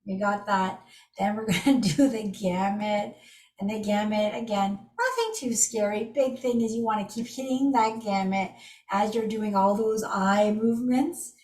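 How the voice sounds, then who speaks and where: A woman's voice: medium pitch, unhurried, a little mellow. A woman teaching an energy healing technique, guiding listeners step by step in an encouraging way. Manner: encouraging, speaks example phrases aloud. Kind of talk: guided tapping demonstration. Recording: echoey room, far from mic.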